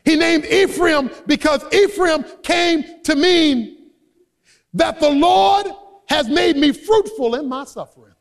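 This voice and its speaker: A man preaching a sermon as a pastor, emphatic and rising to shouts on key points. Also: very high-pitched, takes it slowly, gravelly, long reverb tail. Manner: acts out quoted voices in his own voice.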